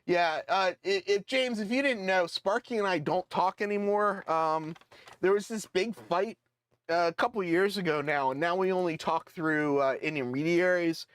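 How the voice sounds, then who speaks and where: Guy with a pretty high voice rambling thru a livestream, lots of uhs, dry close sound. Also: normal speed, a bit bright, clean tone, no echo. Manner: rambling and self-deprecating, lots of "uh" fillers. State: voice cracking. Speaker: model railroad streamer. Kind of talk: casual live-stream chat, reading a letter aloud.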